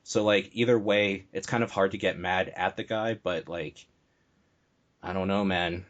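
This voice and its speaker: Podcast host guy, really low voice, blunt, jokey, swears a lot. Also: steady tone, moderate pace, a bit bright, lo-fi sound. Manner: blunt, joking, swears freely. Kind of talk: casual podcast chat.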